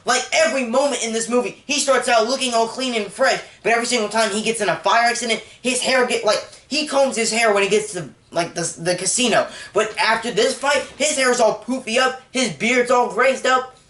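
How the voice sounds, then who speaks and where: A man's voice: very high voice, fairly quick, few pauses, a bit bright. A man casually retelling a film scene by scene, rambling with many fillers. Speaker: movie reviewer. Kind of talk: casual spoken movie recap. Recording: echoey room.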